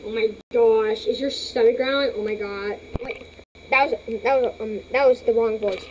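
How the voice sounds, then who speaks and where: A woman's voice: fairly high pitch, steady tone, normal speed, a little mellow, slight background noise, low-quality recording. A woman hosting a casual toy vlog, rambling dramatically and breaking into shrieks. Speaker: channel host.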